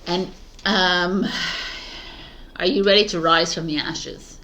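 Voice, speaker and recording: Speaking slowly at a fairly low pitch with fairly even intonation, this woman chats casually with her viewers about tarot over a noisy background. She keeps giggling, drifting off track and laughing at her own scattered thoughts.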